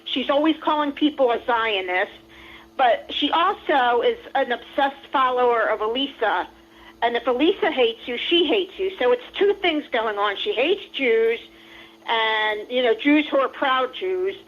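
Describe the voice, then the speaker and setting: A woman's voice: fairly high pitch, expressive, unhurried, dull audio. A woman calling into a livestream, ranting indignantly and repeating herself. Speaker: call-in guest. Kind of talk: heated ranting on a stream call.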